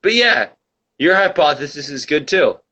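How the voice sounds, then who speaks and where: A man's voice: on the high side, sing-song, moderate pace, bright, forceful tone. Joking man hosting a livestream. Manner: joking, rambling, laughs often, mock-conspiratorial. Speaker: host of a comedy livestream talk show. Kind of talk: casual chat, reading out viewer comments. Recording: dull lo-fi mic.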